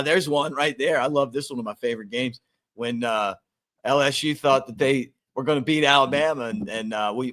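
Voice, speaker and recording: Laid-back guy hosting a football podcast, does the ad reads, mid pitch. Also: fairly bright tone. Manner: easygoing, laughs often. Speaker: podcast host. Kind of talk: casual sports podcast chat and sponsor reads.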